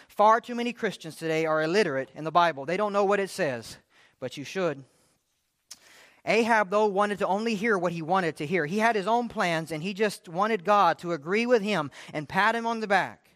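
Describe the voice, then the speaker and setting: Preacher guy giving a sermon, fairly high voice, earnest, lots of rhetorical questions. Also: a bit bright, no echo, clean studio sound.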